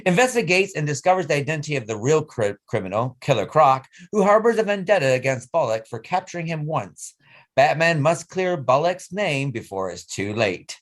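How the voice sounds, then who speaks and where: A man hosting a casual podcast discussion, reading out episode summaries in a lively way. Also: on the high side, moderate pace.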